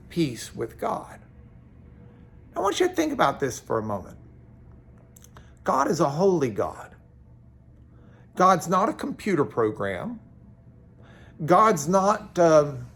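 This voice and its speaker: A man's voice: a little high, husky. A middle-aged man giving a daily Bible devotional from his office, earnest and emphatic, often repeating words as he goes. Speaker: Bible teacher. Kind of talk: daily devotional talk to camera.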